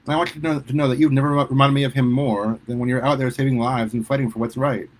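A man voicing a warm, fretful middle-aged mother, affectionate and teary. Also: mid-range voice, steady tone, quick pace, pitched above the performer's own voice, close to an everyday voice, poor audio. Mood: tender, sad.

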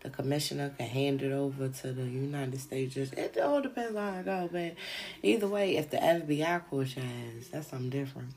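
A woman's voice: very deep voice, brisk, a little mellow. A woman hosting a podcast, chatting casually about crime-show gossip in a slangy, profane way with frequent asides to her listeners. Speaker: podcast host.

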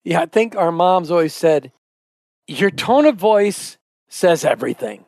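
Lively man host, dry studio. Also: on the high side, unhurried, creaky, dry recording. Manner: lively questioning, playful asides. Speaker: talk show host. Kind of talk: Christian talk show conversation.

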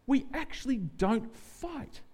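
A middle-aged Australian man preaching as a guest pastor, animated and joking, acting out the prayers and quotes he tells. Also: very high-pitched, slow. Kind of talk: sermon.

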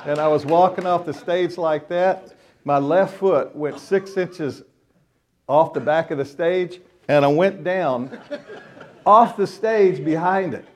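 A man's voice: a little high, takes it slowly, darkish tone, a little hiss or hum. A middle-aged man, a minister telling funny stories to a group of men in a folksy, joking way and acting out the scenes. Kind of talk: storytelling sermon.

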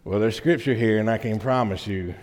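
A man's voice: lowish voice, fairly quick, a little mellow, big-room sound. A man preaching a conversational sermon as pastor of a church, folksy and full of "right?" check-ins with his congregation. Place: church sanctuary.

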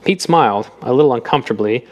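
Man, audiobook narrator, mid-pitched voice, measured reading. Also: animated, highs cut off.

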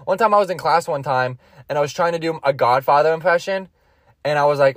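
High-voiced man ranting on his podcast. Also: quick pace, no echo, clean studio sound. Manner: rambling, crude, jokey. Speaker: podcast host. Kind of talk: solo podcast rant.

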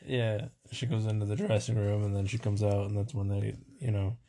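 A man's voice: on the low side, steady tone, a little fast, dark tone. A man co-hosting a casual movie chat, speaking in a laid-back, hesitant way with many fillers.

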